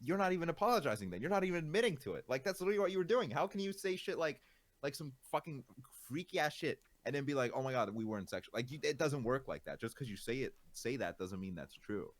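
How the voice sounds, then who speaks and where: A male streamer vents to his audience in loose, profane talk. His pitch swings widely as he gets worked up, then dips low and quiet when he calms. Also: fast. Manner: exasperated ranting, profane, lots of fillers. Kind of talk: casual stream chat.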